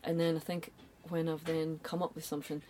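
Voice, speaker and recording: Scottish woman telling lively stories. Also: low-pitched, fairly quick, a little hiss or hum. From Scotland. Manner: animated storyteller, acts out quoted voices, swears, laughs often. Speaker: guest, design agency founder. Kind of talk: casual interview chat.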